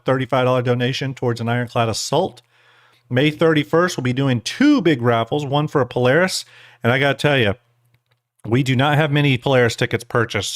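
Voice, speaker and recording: A man's voice: medium pitch, no room sound, clean studio sound. A man hosting a live stream, chatting casually and a little tipsy, thanking donors and explaining giveaways. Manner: relaxed, rambling, thanks donors while eating jelly beans. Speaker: streamer host.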